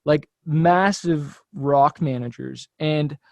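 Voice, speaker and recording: A man, a musician guest on a podcast, telling a story in a relaxed, loose way, full of "like" and "you know". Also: on the high side, takes it slowly, gravelly, no echo, dull audio. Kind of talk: casual chat.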